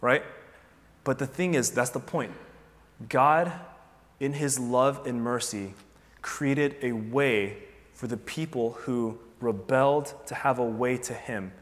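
A man preaches in an easygoing, animated way and keeps turning to the listeners with rhetorical questions. His voice sits at an ordinary middle pitch. The sound rings with the long echo of a large hall. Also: slow pace. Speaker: pastor. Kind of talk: sermon.

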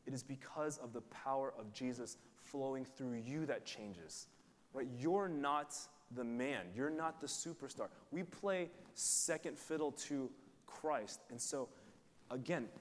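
Casual preacher in a reverberant hall. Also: male voice, mid-range voice. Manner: casual, joking, conversational preaching with frequent "right?". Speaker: pastor. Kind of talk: sermon. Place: church.

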